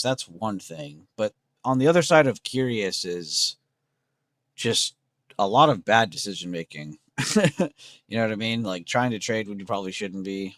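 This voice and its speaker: A man's voice: lowish voice, dry recording. A young man hosting a trading livestream, chatting casually and slangily with his viewers. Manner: relaxed, slangy, talks to chat with "bro" and "dude".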